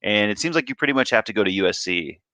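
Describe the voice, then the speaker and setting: Man, low voice, bright crisp tone, dry close sound, casual sports chat. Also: lively intonation, fast, no room sound. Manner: rambling, self-interrupting, restarts often. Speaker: podcast co-host.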